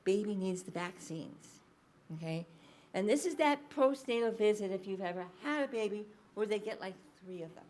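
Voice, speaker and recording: A woman giving a public lecture as a researcher, explaining findings in a lively storytelling way, with frequent ums and uhs. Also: mid-range voice, moderate pace. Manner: lively anecdotal storytelling, acting out quoted speech.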